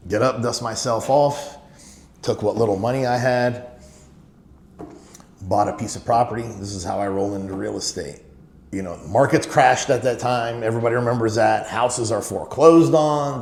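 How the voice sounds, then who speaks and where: A middle-aged man telling stories in an interview, speaking emphatically and leaning on "you know" fillers. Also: medium pitch. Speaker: business owner guest. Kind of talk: candid interview storytelling. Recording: echoey room with faint noise.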